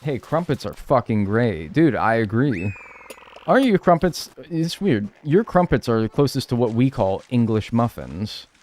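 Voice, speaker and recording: A man's voice: mid-range voice, darkish tone, a little hiss or hum. An American man chatting casually on a live stream while playing a game, joking with his chat and swearing freely.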